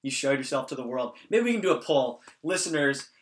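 A man co-hosting a podcast, teasing his co-host in a deadpan, casual way. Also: mid-range voice, a little fast. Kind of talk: casual chat. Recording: roomy echo.

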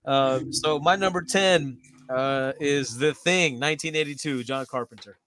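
A man co-hosting a podcast, chatting casually and excitably, swearing freely. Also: fairly high pitch, a little slow. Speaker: podcast co-host. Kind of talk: casual chat.

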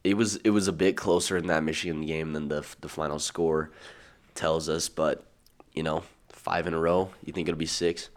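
A man's voice: a bass voice, fairly even intonation, normal speed. A man co-hosting a podcast, chatting casually about college football with dry humor. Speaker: podcast co-host. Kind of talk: casual sports chat.

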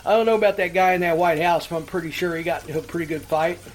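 A man's voice: on the high side, very fast, slight background noise. A man co-hosting a casual talk show, telling crude prank-call stories and acting out the people in them. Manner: crude, animated, acts out the people in his stories. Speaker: podcast co-host. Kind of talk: casual chat, storytelling.

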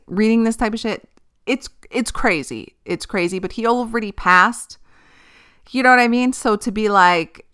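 A woman's voice: fairly high pitch, moderate pace, sharp tone. A young woman hosting a casual solo podcast, chatty and candid, swearing and laughing easily. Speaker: podcast host.

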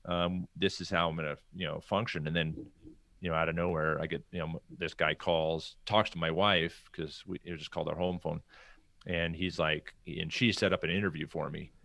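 A middle-aged American man with a low voice tells a story as a podcast guest, animated and acting out the conversations. The recording is dry and close. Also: moderate pace, gravelly, dry recording. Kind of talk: casual storytelling interview.

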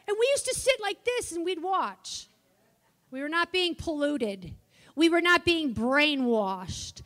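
A woman preaching a sermon, passionate at times and soft in her asides. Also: very high-pitched. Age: older. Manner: impassioned, swings from shouting to soft asides.

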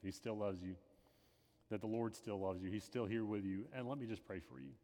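A man giving an earnest personal testimony in sermon style, repeating phrases and moving between hushed and emphatic delivery. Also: lowish voice, brisk. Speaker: lay speaker giving a testimony. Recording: long reverb of a hall.

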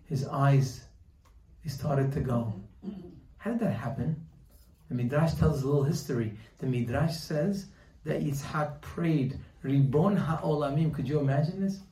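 A man giving a Torah lesson, telling a story with lively quoted voices. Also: a little high, measured pace, reverberant, distant mic, low-quality recording. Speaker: Torah teacher. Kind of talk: sermon with storytelling.

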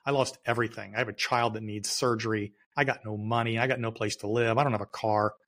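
A middle-aged man speaks as a podcast guest in a fairly low voice. He tells his story with emphasis and circles back on his key phrases. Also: steady tone, fast, a bit bright. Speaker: guest entrepreneur. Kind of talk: storytelling interview answer.

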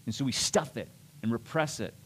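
A man's voice: medium pitch, brisk, a bit bright, slight background noise. A middle-aged man preaching a sermon as a pastor, conversational and self-deprecating, with restarts and asides.

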